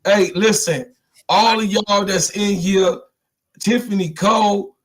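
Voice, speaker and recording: Chicago guy hosting a live stream, kinda high voice, loose and chatty, calling out viewers. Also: fairly even intonation, takes it slowly. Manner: loose, talkative, shouts out viewers. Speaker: livestream host. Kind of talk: casual live-stream chat.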